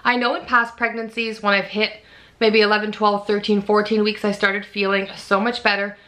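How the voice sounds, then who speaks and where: A woman in her thirties chatting casually in a vlog, emotional and quick to laugh, sounding tired. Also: mid-range voice, little pitch movement, bright, forceful tone. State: fatigued. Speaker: vlogger.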